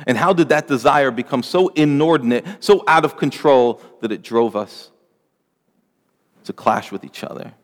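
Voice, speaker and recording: Male pastor, mid-pitched and earnest, preaching with a long hall echo trailing his words. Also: normal speed. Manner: earnest, pleading, rising emphasis on lists. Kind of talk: sermon.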